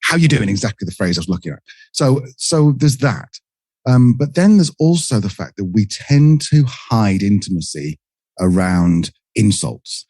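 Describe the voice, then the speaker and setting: A man's voice: on the low side, a little slow, breathy edge, no echo, clean studio sound. A middle-aged man from England with a British accent, telling stories as a podcast guest and playing out quoted exchanges. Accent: British English. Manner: lively storyteller who acts out quoted exchanges. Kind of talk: casual conversational interview.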